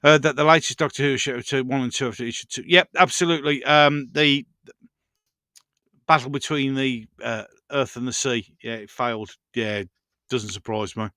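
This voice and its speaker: A man's voice: mid-range voice, steady tone, normal speed, pushed and bright, dry recording. Chatty man on a dry mic. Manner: rambling, chatty, talks to his cats between comments. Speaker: live stream host. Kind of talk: casual live chat reading viewer comments.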